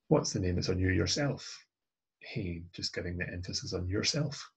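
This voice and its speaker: A man with a deep, gravelly voice takes a language lesson at an unhurried pace. His tone is rough and husky. He reads dialogue lines and then explains them. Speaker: language tutor.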